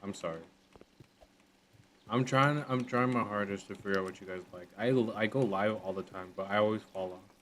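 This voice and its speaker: A man's voice: fairly low pitch, steady tone, normal speed, fairly bright tone, a little hiss or hum. A young man chatting casually on a livestream, thanking viewers again and again and running himself down, easily flustered.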